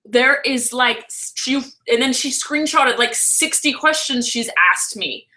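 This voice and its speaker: A woman's voice: sits high, sharp tone. A young woman hosting a casual live stream, rambling and chatty as she answers viewers and corrects herself as she goes. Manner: chatty and rambling, heavy use of "like", quick self-corrections.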